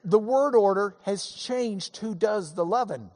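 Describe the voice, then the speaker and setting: A man preaching a sermon in a lively, conversational way, breaking off for quick asides as he teaches. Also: high voice. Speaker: pastor. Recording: long hall reverb.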